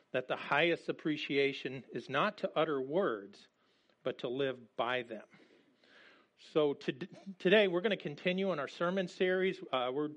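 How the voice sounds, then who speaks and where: A man preaching a sermon in a conversational, halting way, with frequent restarts and lively quoting. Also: fairly high pitch. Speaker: pastor.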